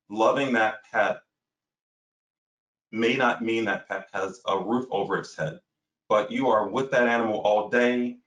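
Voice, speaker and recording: A man's voice: lowish voice, a bit bright. A man speaking earnestly as a guest on a discussion panel, searching for words with many restarts and fillers. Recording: roomy, distant from the mic.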